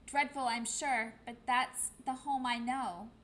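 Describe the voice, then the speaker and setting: Lady doing a mama seagull voice, fussy and kind, slow rhymes. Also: on the high side, fairly even intonation, fairly bright tone. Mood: sympathetic. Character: mother kelp gull, fussy and sympathetic.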